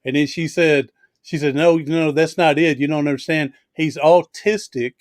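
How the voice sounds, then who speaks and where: A man's voice: a little high, steady tone, normal speed, no room sound. Chatty man telling stories, dry sound. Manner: storytelling, chatty, laughs easily. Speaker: host. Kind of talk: casual video chat.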